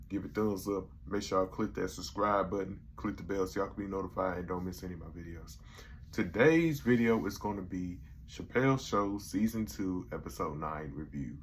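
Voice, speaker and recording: A man's voice: deep voice, slight background noise. A young man casually reviewing a comedy episode in a loose, slangy way, acting out the quotes as he retells the scenes. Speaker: YouTube reviewer.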